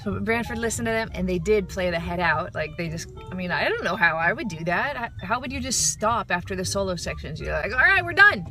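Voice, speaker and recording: A woman's voice: on the low side, animated, fairly quick, hardly any pauses, music in the background. A woman hosting her own channel, telling a story casually and animatedly, acting out the quoted voices. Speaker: jazz musician and channel host.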